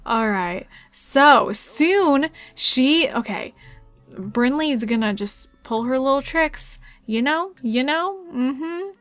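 A woman's voice: sits high, lively intonation, slow, a bit bright, no echo, faint music behind. A woman casually commentating her life-simulation game, chatty and giggly, talking straight to her viewers. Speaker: gaming YouTuber.

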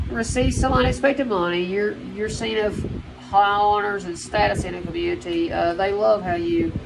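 Gravelly-voiced woman doing a rambling card reading. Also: medium pitch, noisy background. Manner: rambling and profane, addresses viewers directly. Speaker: spiritual card reader. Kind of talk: casual oracle card reading to viewers.

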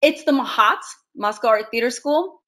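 Speaking at normal speed in a fairly high voice, an American actress guests on an interview. Her casual conversation is full of lively stories and frequent laughter.

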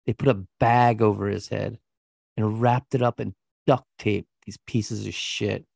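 A man's voice: fairly low pitch, steady tone, a little slow, creaky, darkish tone, no echo, clean studio sound. A man co-hosting a podcast, telling a true-crime story in a blunt, profane, scornful way. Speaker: podcast co-host.

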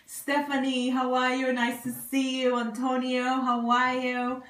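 A woman's voice: high voice, monotone, unhurried, fairly bright tone. A woman greeting her livestream viewers by name in a bubbly, welcoming casual chat. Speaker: livestream host. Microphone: phone or webcam.

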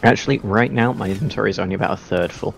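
A man with a very low, gravelly voice chats casually while gaming. He talks quickly and makes dry, self-mocking jokes. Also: faint music behind. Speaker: game player.

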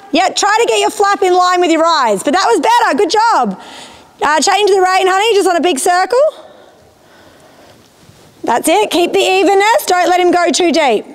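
A woman instructing a rider in a riding arena, encouraging and often checking that she understands. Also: extremely high pitch. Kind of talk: live coaching of a rider.

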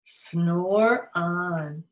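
A woman reading a picture book aloud to children at storytime, playful and animated, laughing often. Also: on the low side, very slow, reverberant, background noise. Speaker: children's museum storytime reader.

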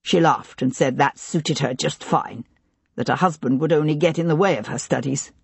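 An audiobook narrator voicing a man in his thirties, a grieving brother who speaks in a strained, halting way. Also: mid-range voice, gravelly, husky, no echo. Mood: subdued. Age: 30s. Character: grieving young gentleman, brother of missing woman. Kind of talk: audiobook character reading.

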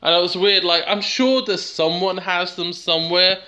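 A man's voice: high-pitched, fairly even intonation, normal speed, pushed and bright. A man from England chatting casually to camera as he reviews a plant, joking and wandering off on tangents, recorded on a handheld camera. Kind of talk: casual rambling chat to camera.

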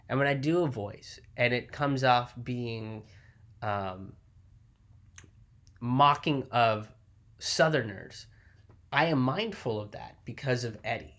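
A man's voice: mid-range voice, a bit bright. A man who tours as a comedian talks casually to camera about his shows, rambling with lots of fillers and some swearing. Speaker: touring comedian. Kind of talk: casual reflective vlog talk.

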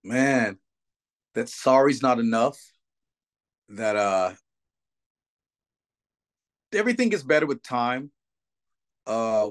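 A middle-aged man speaks in a casual interview in a voice of ordinary pitch. He tells heartfelt stories, slips into "you know what I mean" again and again, and gets choked up along the way. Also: fairly bright tone. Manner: emotional storytelling, tearful at times, repeats "you know what I mean". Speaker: guest, metal band singer.

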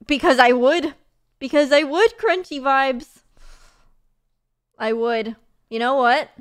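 A woman's voice: high voice, takes it slowly. A young woman streaming, chatting casually and reading messages, bubbly and gushing with lots of fillers and laughs.

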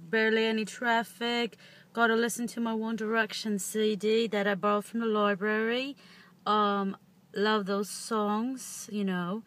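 A woman's voice: on the high side, a bit bright. A young woman in her twenties vlogging from inside a parked car. She rambles playfully in a put-on British accent. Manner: playful, rambling, self-amused. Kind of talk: casual vlog chat. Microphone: handheld camera close up.

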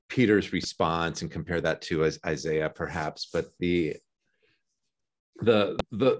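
A man, a professor co-hosting a podcast over a video call, discussing a Bible passage in a lively, wry way. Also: deep voice. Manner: lively and wry, acting out voices in his retelling. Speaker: seminary professor, podcast co-host. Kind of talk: casual discussion of scripture.

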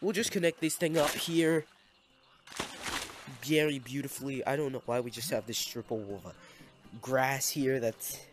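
A man's voice: medium pitch, fairly even intonation, measured pace, pauses often, over music. A young man giving casual, playful gameplay commentary, exclaiming at and scolding the little villagers in his game.

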